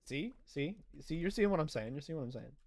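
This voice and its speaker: A man's voice: a little high, animated, fairly quick, a little mellow, no room sound. A young man casually chatting through a game livestream, reading out and answering viewer chat as he plays. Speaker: streamer.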